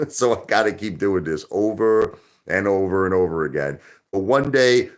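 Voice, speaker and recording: Deep voiced new guy on a live stream, rambly, jokey, loud one minute then quiet. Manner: loud, joking, rambling, swings into soft somber tones. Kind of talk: casual live-stream chat.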